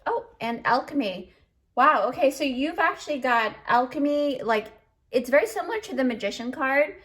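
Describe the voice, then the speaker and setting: A woman's voice: high voice, lively intonation, normal speed, fairly bright tone. A woman giving a pick-a-card tarot reading in a chatty, emotional way, full of fillers, and choked up. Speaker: tarot reader.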